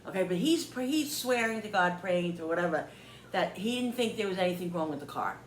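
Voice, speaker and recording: A woman's voice: on the low side, a little fast, a little hiss or hum. Heated woman telling a story, echoey room. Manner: animated, heated retelling with quoted dialogue. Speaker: vlogger. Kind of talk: casual storytelling to camera.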